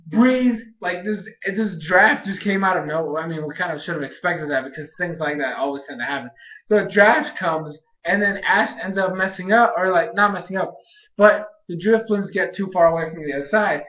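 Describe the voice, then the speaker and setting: An excitable young man with a high voice rambles through a casual episode recap and jumps up in pitch to act out quotes. He sounds like he is in a bare, echoey room. The recording is dull and lo-fi. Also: moderate pace. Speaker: video reviewer.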